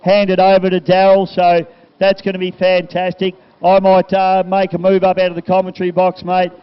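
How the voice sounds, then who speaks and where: A man's voice: high voice, completely flat delivery, normal speed, clean tone. A man announcing at a boat race, matey and upbeat, thanking people over the PA. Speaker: race commentator and MC. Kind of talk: live PA announcing. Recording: dull live-stream audio with noise.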